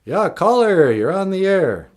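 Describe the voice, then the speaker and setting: A man voicing a chatty little male puppet who teaches language words, with a thick put-on accent and DJ-style patter, pitched above his own voice. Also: very animated, a little slow. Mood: breezy. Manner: upbeat radio-host delivery.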